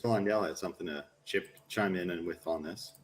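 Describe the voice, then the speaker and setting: A man's voice: low voice, a little fast, slight background noise. A man chiming in on a casual stream chat with dry wisecracks.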